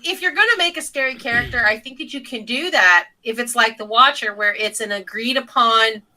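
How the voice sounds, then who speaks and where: A woman co-hosts a podcast in casual conversation, laying out her views steadily and finishing her partner's sentences. Her voice sits a little high and sounds very bright. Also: brisk, poor audio. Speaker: podcast co-host. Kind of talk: casual chat about roleplay.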